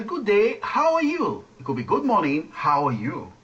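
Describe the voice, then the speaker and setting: A man hosting a radio lesson, teaching French phrases slowly and coaching listeners to repeat after him. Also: sits high, huge pitch swings, fairly bright tone, highs cut off. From Nigeria.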